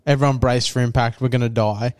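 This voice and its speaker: A man voicing an airline pilot who gives flat, offhand announcements while retelling a comedy skit. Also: medium pitch, fairly quick, clear, resonant tone, no room sound, studio quality, voice pushed down, natural voice. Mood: deadpan. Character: calm male airline pilot making announcements.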